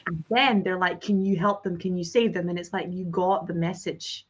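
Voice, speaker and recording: A woman's voice: lowish voice, fairly even intonation, normal speed, breathy edge. Earnest chatty woman on a dull line. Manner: chatty, earnest, filler-heavy. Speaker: host, course teacher. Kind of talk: conversational interview.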